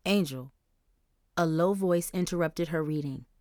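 A woman reading a novel aloud as an audiobook narrator, clear and even. Her voice sits a little low. The recording is dry and close, with no room sound. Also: moderate pace, no echo. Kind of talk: scripted narration.

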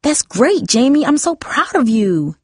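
An earnest teenage older sister, as a woman reading a story puts her on. Her voice sits higher, in a dry, close recording. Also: sing-song, unhurried, slightly rough, dry recording, heavily acted. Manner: earnest, hurt and sharp by turns.

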